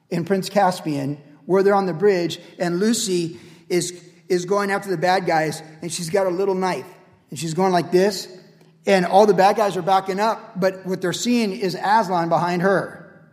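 High-voiced energetic male preacher. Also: a little slow. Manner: energetic, casual preaching with repeated refrains. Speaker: pastor. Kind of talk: radio sermon. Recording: long hall reverb.

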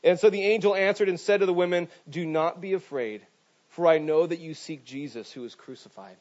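Animated male preacher, lo-fi sound. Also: fairly high pitch, a little fast. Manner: animated storytelling with frequent "right?" asides. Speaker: pastor. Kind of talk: sermon. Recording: dull lo-fi sound.

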